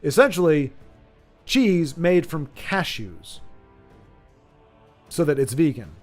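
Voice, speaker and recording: A man's voice: fairly high pitch, big pitch swings, slow, soft background music. A man hosting a livestream, chatting casually and rambling, often stopping mid-word and reading chat aloud. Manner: rambling, self-interrupting, reads chat aloud. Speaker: streamer host.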